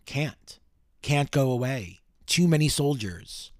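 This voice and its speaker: A man's voice: mid-range voice, lively intonation, takes it slowly, a little mellow, dry recording, studio quality. A man voicing a desperate, starving young woman ghost in short, clipped answers. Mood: flat.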